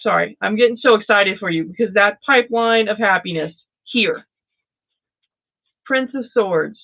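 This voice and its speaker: A woman reading tarot cards for viewers on a live stream, excitable and gushing, calling people by name. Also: mid-range voice, normal speed, gravelly, phone-quality sound. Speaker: tarot reader.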